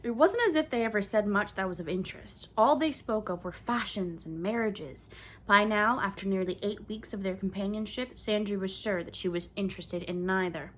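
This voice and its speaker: A woman's voice: mid-range voice, a bit bright. Woman narrating a storybook. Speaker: audiobook reader.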